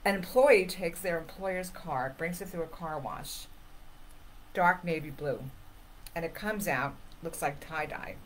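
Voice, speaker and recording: Middle-aged woman, co-host, animated storyteller, lower voice, faint room hum behind. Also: unhurried, poor audio. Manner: animated, laughs while telling stories, acts out quotes. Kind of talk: casual chat, storytelling.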